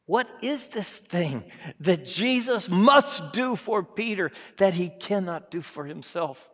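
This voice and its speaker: A man preaching a sermon, acting out voices from the story and swinging between hushed, drawn-out lines and loud ones. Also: on the high side, very animated, long reverb tail.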